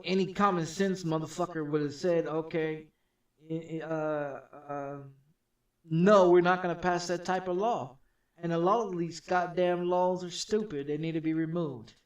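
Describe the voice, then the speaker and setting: A man streaming from his home gaming setup, telling a story in a rambling, profane, repetitive way that turns loud and heated. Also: on the high side, a little slow, lo-fi sound. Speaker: game streamer. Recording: echoey room, distant from the mic.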